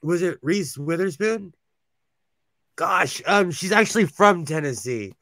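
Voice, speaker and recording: Gossipy higher-voiced man, dry close sound. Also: a little slow, no echo. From California. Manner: gossipy, animated storytelling with frequent laughs. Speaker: host. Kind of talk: casual chat.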